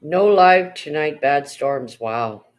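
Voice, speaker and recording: A woman's voice: low voice, lively intonation, slow, low-quality recording. An older woman hosting a casual livestream from home, rambling and reading viewers' comments aloud with casual swearing. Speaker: livestream host.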